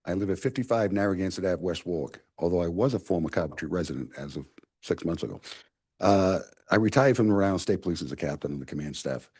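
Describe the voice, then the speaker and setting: Very deep husky older man with Boston accent. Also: animated, a little mellow. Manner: mumbling, halting with frequent uh fillers. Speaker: security consultant at public comment. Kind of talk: public comment at a town meeting.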